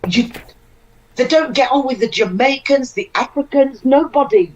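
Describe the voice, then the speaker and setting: A woman's voice: sits high, normal speed, slight background noise. Woman talking earnestly on a lo-fi panel. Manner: earnest, repeats phrases for emphasis. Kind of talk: casual panel discussion.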